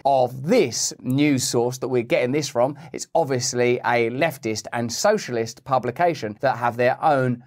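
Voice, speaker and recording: A man's voice: mid-range voice, unhurried, few pauses, a little mellow. A man giving opinionated political commentary, sardonic with mocking asides.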